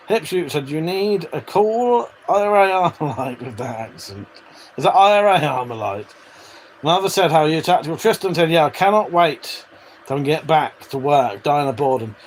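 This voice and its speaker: A man's voice: on the high side, a little hiss or hum, low-quality recording. A man hosting a casual live stream, reading out chat messages, swearing freely and chuckling between remarks. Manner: chatty, swears freely, laughs often. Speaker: livestream host reading chat.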